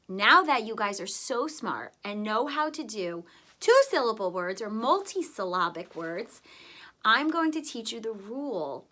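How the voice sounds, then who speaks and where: A woman's voice: mid-range voice, bright, forceful tone. A woman teaching a spelling lesson to first graders, explaining a rule and sounding out each word syllable by syllable. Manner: slow, deliberate, sounds out words syllable by syllable.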